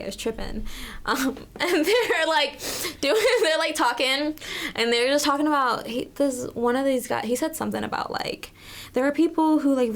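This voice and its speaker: A young woman, a makeup artist, is the guest in a casual interview, bubbly and emotional as she fills her stories with "like" and quoted asides. Her voice is on the high side and gravelly.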